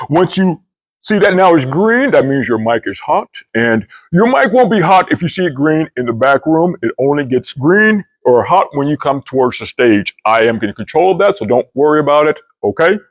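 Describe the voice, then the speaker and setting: A man's voice: fairly high pitch, no room sound. Brief: patient sound-tech guy, step-by-step instructions, dry close sound, put on by a man telling a story. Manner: slow, explaining step by step. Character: calm adult male sound technician giving instructions.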